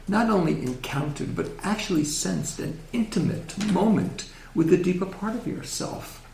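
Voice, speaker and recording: Gravelly man lecturing in a roomy hall. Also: high voice. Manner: gentle, reflective, asks the audience questions. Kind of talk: interactive religious lecture. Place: synagogue hall.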